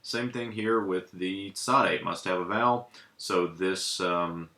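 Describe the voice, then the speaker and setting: A man teaching a casual lesson, pausing often with ums and uhs while he writes and explains. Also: low-pitched, gravelly, pushed and bright. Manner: hesitant, many ums and uhs while writing. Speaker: Hebrew teacher. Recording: echoey room.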